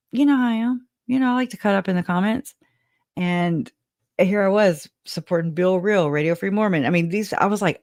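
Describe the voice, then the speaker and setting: A woman with a low-sitting voice hosts a casual livestream, reading viewer comments aloud in clean studio sound with no room echo. She rambles, laughs often, swears casually, and comes across emotional and grateful.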